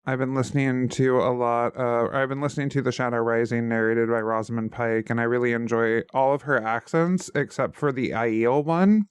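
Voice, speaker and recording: A man's voice: medium pitch, fairly even intonation, normal speed, few pauses, smooth. A man co-hosting a podcast, chatting casually and animatedly about books and shows. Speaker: podcast co-host. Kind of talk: casual chat.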